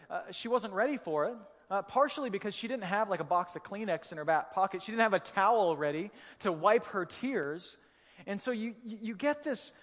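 A man preaching a sermon, a pastor telling the story in a casual, humorous way with vivid detail. His voice sits high for a man. The sound rings with the long reverb of a big hall. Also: a bit bright.

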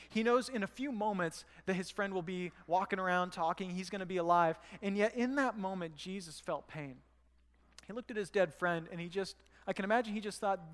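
Preaching in a church hall, a male pastor with a high-sitting voice talks conversationally to the congregation and poses rhetorical questions. A long reverb tail trails his words.

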